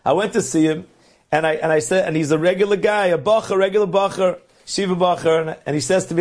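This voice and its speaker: A man's voice: high-pitched, fairly even intonation, fast. A man telling religious stories earnestly, stretching words for emphasis. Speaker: religious storyteller. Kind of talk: religious storytelling.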